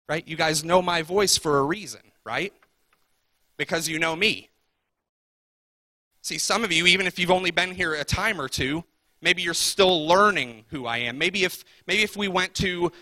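Bright, dry-voiced male pastor preaching. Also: fairly high pitch, dry recording. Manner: conversational preaching with repeated rhetorical questions. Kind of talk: sermon.

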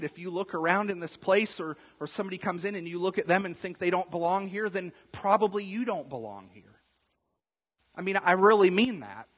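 A man preaching a sermon as pastor, building up to emphatic, forceful bursts. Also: high voice, husky, in a large hall, poor audio.

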